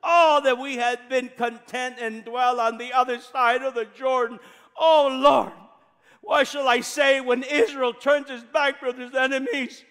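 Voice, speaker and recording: A man voicing an anguished male leader who cries out to God in loud, pleading wails, in a reverberant church. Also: very high-pitched, fairly even intonation, unhurried, smooth, voice pushed up. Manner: wailing, pleading.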